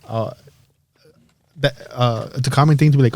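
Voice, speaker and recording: A man's voice: mid-range voice, normal speed, vocal fry, no room sound. A young man from Los Angeles co-hosting a podcast, telling stories in casual, profane chat and acting out quotes. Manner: profane, animated storytelling with acted-out quotes. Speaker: podcast co-host.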